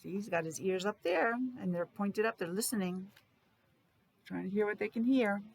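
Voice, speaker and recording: With a medium-pitched voice and a Rhode Island accent, a woman teacher reads aloud from a picture book for young children, slowly sounding out letters and repeating words in a sing-song way.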